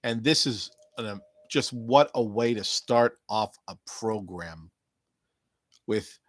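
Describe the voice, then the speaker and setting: A man's voice: fairly low pitch, takes it slowly, dry recording. A man hosting a casual solo podcast, rambling and joking with plenty of swearing, talking to listeners who aren't there. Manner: profane, jokey, talks to imagined listeners. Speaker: podcast host.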